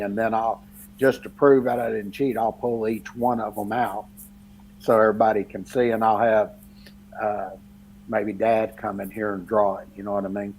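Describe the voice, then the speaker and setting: A man's voice: lowish voice, slight background noise, poor audio. Rambling man on a casual podcast. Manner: rambling, laughs through stories, lots of fillers. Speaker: podcast co-host. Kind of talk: casual chat.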